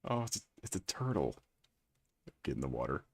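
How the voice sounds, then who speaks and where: Brief: male streamer, rumbling ultra-low voice, husky and gravelly, dry close sound, casual teasing chat. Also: big pitch swings, a little fast. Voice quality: extremely deep gravelly voice. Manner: chatty, teasing, reads and answers chat aloud. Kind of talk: casual live-stream chat while playing.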